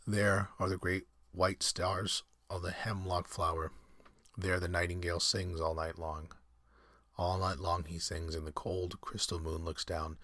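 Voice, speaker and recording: A weary, sorrowful old ghost speaks slowly from the bottom of his range, as a man reading a storybook puts him on. The voice stays low and mournful, and it is close and dry, with no room sound. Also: fairly bright tone, no room sound. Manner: slow, low and sad.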